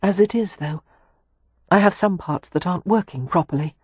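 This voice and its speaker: A man's voice: sits high, moderate pace, darkish tone, slightly rough, no echo. A man voicing a guarded young governess. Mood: wistful. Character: reserved young English governess, guarded woman.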